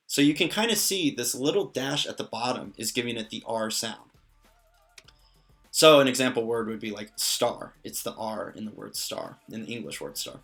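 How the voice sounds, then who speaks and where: A man's voice: medium pitch, a bit bright. A man teaching vocabulary in a casual spoken lesson, patient and careful, explaining step by step and adding small jokes. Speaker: language teacher.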